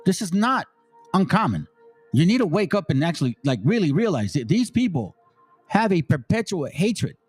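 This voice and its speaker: A man's voice: sits high, very animated, moderate pace, darkish tone, breathy edge, no room sound, faint music behind. A man hosting a channel, giving blunt, preachy commentary on video clips, swearing freely and reading scripture aloud in a stately cadence.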